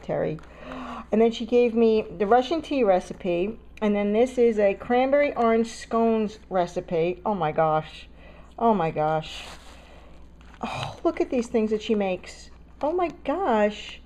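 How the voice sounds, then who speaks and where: A woman's voice: a little high, lively intonation, measured pace, mellow. Gushing woman unboxing, gasping with delight. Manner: gushing, gasping, repeats exclamations. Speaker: craft vlogger opening a swap box. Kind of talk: excited unboxing chat to camera.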